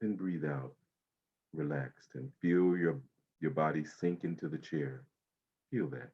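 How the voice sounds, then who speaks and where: A man leading a guided breathing meditation, speaking slowly and soothingly with long pauses. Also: rumbling low, husky, highs cut off.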